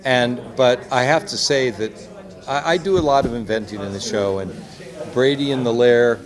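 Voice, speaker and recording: A man talking at a mid pitch, telling anecdotes in a relaxed, chatty way and putting lively voices on the people he quotes. A clear crowd murmurs behind him on a convention floor. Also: normal speed. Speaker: executive producer and director. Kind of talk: convention press interview. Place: busy convention hall. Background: loud crowd chatter.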